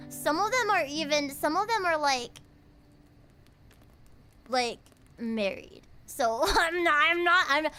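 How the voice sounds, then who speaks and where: Bubbly young streamer woman, soft music. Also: sits high. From United States. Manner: playful, reads chat aloud, squeals and laughs between soft reflective stretches. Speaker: VTuber streamer reading chat. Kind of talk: cozy late-night chat.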